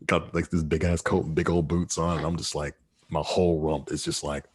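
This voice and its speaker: A man's voice: rumbling low, level tone, normal speed, husky. A man co-hosting a podcast, telling a story in a laid-back, slangy, profane way. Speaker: podcast co-host. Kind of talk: casual storytelling chat.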